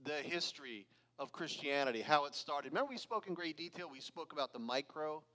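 High-voiced man preaching in a reverberant hall. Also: expressive, a little fast, pushed and bright. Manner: earnest, emphatic, with conversational asides. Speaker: pastor. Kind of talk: expository sermon.

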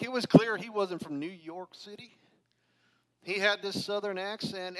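A man's voice: high-pitched, bright, forceful tone. A middle-aged man pastor preaching a verse-by-verse sermon, earnest and emphatic, with conversational asides to his congregation. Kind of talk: expository sermon. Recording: long hall reverb.

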